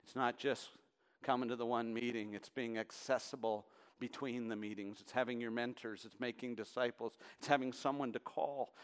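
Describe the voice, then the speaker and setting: A man's voice: steady tone, moderate pace, clear, resonant tone. Impassioned man preaching a sermon. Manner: impassioned, swings from hushed lows to loud emphatic peaks. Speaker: pastor.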